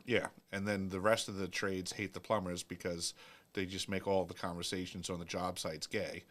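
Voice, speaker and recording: New guy hosting a livestream, lowish voice, laughs at his own dirty jokes. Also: little pitch movement, moderate pace, fairly bright tone. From Long Island, New York. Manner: crude joking, laughs often. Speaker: host; plumber. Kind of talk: casual livestream chat.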